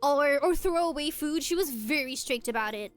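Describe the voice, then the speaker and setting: A young woman streaming a game from home, telling rambling stories in a casual, animated way. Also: high voice, normal speed. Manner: animated rambling storytelling with frequent laughs. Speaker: VTuber streamer. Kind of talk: casual chat while playing a game.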